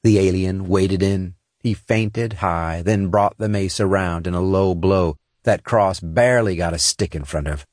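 Male audiobook narrator, very low voice, dry booth sound, steady dramatic read. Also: unhurried, hardly any pauses, no room sound. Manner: steady, dramatic action reading.

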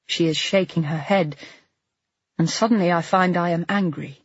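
A woman's voice: lowish voice, moderate pace, breathy edge, no echo, lo-fi sound. A woman reading a first-person audiobook in a tense, intimate telling. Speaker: audiobook narrator.

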